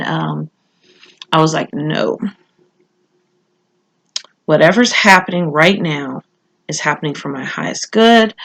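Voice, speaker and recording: Woman, tarot reader, casual monologue, slightly low voice, chatty, many fillers. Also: fairly bright tone. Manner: conversational, frequent fillers and asides.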